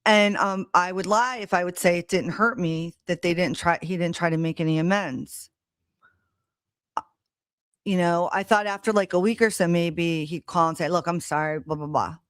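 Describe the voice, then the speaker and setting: A woman's voice: lowish voice, steady tone, moderate pace, clear, resonant tone, no echo, studio quality. A woman hosting a live stream, telling a personal story in a blunt, heated, casual way, swearing freely. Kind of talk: casual monologue to a live audience. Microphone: streaming setup mic.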